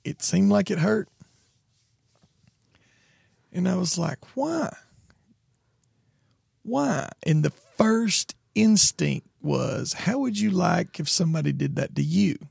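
A man's voice: high-pitched, slow pace, gravelly, darkish tone, breathy edge, dry recording, studio quality. A man co-hosting a podcast, telling stories in a wry, self-mocking way. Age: 40s. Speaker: podcast co-host. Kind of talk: casual chat.

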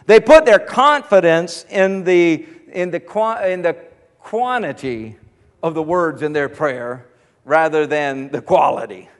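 A man preaches with a notably high voice, driving his points home through repetition and building to fervent calls. The sound carries a long reverb, as if recorded in a church hall. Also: a little slow. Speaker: pastor. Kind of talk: sermon.

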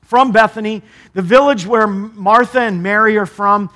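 A middle-aged male pastor delivers a sermon in a high voice. His tone is bright and forward, and he talks in an easy conversational way, often turning to the congregation with rhetorical questions. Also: normal speed.

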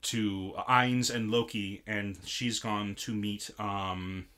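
Bright-voiced man recapping an episode. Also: lowish voice, fairly even intonation, slow. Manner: rambling with many fillers and restarts. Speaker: podcast co-host. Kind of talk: casual anime episode recap.

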